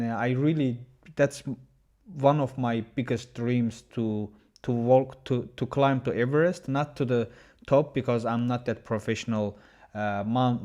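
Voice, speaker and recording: Halting male chess streamer. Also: mid-range voice, a little mellow, highs cut off. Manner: halting, with many restarts, chatting with viewers. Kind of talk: casual livestream chat.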